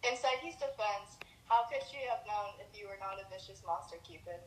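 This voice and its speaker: Persephone: a woman reading a calm underworld goddess. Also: medium pitch, moderate pace, close to an everyday voice. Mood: sympathetic. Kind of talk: amateur read-aloud role-play. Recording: echoey room with faint hiss.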